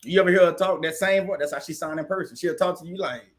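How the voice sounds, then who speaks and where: A man's voice: a little high, fast. A man from the casually hosting a livestream, chatting with viewers and answering their comments, often laughing. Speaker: livestream host.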